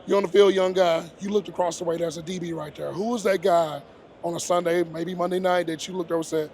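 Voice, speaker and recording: A man's voice: sits high, steady tone, fast, darkish tone. A young man from Texas hosting a casual sports interview, upbeat and jokey, saying "man" a lot. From Texas, Dallas area. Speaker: interviewer, host.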